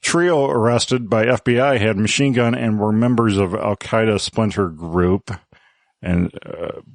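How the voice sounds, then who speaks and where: A man's voice: on the low side, vocal fry, no echo. Dry-voiced joking podcast host, a man. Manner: brisk, joking, reads ad copy quickly. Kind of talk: casual panel chat.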